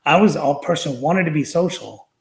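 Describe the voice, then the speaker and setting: Speaking a little fast in a slightly high voice with vocal fry, a podcast guest shares rambling stories from his school days, stumbling through fillers and restarts. The recording sounds roomy and rough.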